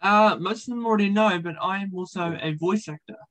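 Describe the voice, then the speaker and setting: A man's voice: sits high, fairly quick, a bit bright, rough recording. A man, chatting casually in an interview, with frequent ums and uhs. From New Zealand. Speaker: podcast host being interviewed.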